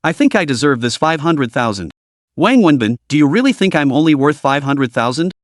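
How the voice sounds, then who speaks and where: A man's voice: a little high, very animated, a little fast, no room sound, clean studio sound. A man voicing a young man who is a blunt, bitter street vendor, reading him in a storybook recap. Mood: sarcastic. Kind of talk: storybook narration.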